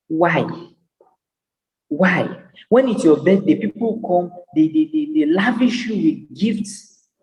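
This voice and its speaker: A man's voice: on the high side, a little mellow. A man giving a motivational lecture as a business psychologist, emphatic and repetitive, with a preacher-like cadence. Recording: long hall reverb.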